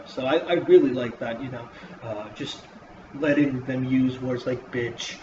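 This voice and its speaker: A man's voice: medium pitch, a little slow. A man casually reviewing a wrestling show in a vlog, swearing often and rambling with lots of fillers. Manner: profane, rambling, full of fillers. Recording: roomy dull lo-fi with hiss.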